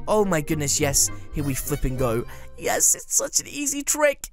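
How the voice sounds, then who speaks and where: A woman hosting gameplay commentary, animated and playfully bossy, with teasing insults. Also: sits low, normal speed. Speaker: YouTube gameplay host. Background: faint music.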